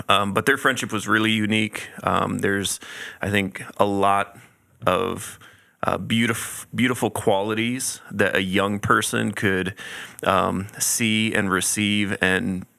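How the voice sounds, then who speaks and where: Gravelly low man, halting speech. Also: pushed and bright, no echo, studio quality. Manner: halting, with many fillers. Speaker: church podcast co-host. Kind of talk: casual book recommendation chat.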